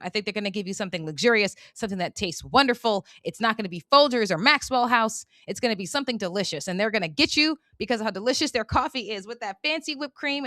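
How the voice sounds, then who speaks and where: A woman hosting her own channel, talking through a casual commentary monologue in an animated, emphatic and colloquial way. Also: fairly high pitch, dry recording, studio quality. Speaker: channel host.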